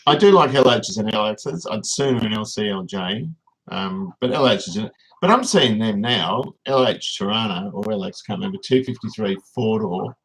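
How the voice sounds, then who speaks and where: Gravelly low Australian bloke rambling on stream. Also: male voice, moderate pace, poor audio. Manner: rambling, reads chat comments aloud and answers them. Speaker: livestream host. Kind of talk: casual livestream chat.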